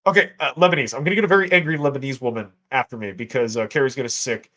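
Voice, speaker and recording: A man's voice: medium pitch, very fast, pushed and bright, low-quality recording. A young man from the United States hosting a livestream, rambling casually, swearing and bantering with his chat. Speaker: streamer host.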